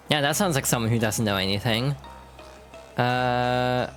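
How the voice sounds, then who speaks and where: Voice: medium pitch, animated, moderate pace. A streamer chats casually through a video game session, often correcting themself mid-sentence. Light music plays faintly underneath. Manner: chatty, self-correcting asides. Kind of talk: casual gameplay commentary.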